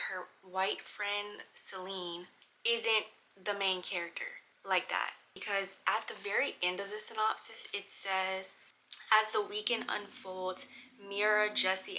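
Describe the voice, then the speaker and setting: A woman's voice: mid-range voice, sharp tone, a little hiss or hum, poor audio. A woman, chatting animatedly and emphatically as she reviews books on her vlog. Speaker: book vlogger. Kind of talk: casual book review chat.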